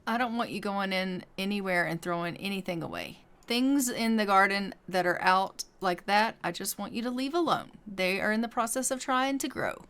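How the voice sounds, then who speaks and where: A woman's voice: mid-range voice, a bit bright, smooth. A woman giving casual commentary over a life-simulation game, chatty, with frequent ums, often talking to her characters and voicing their lines. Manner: frequent ums and drawn-out phrasing. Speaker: gameplay commentator.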